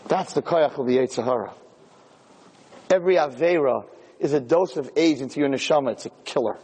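A man giving a sermon as an animated, excitable storyteller. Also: fairly high pitch, moderate pace, slightly rough. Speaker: lecturer. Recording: long hall reverb.

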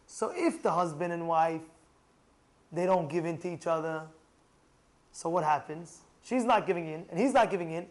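A man, a rabbi, telling stories and teaching about marriage in a lively way, asking the listener questions and at times raising his voice to a shout. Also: high-pitched, normal speed. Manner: animated, asks the listener rhetorical questions, raises voice to a shout for emphasis. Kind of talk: storytelling talk on marriage.

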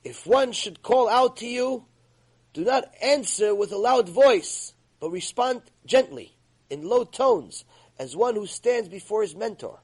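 A man with a high, husky voice gives a religious ethics lecture. He talks in an emphatic, scolding way and acts out the voices of the people he quotes. He speaks as a teacher pressing a point on his class. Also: animated, unhurried, darkish tone, low-quality recording. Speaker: Torah teacher.

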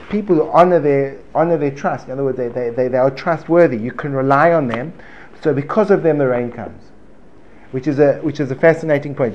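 Joking, rambling man teaching a class. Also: medium pitch. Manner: joking, digressive, repeats himself. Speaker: Torah teacher. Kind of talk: informal Torah class. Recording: dull lo-fi recording with faint room noise.

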